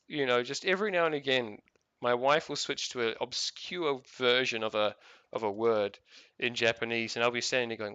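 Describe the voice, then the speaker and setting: A man's voice: mid-range voice, normal speed, pushed and bright, smooth, dry recording, highs cut off. A man streaming a game, chatting casually and rambling, swearing freely as he talks. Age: adult, married for years. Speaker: gaming streamer. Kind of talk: casual chat while playing.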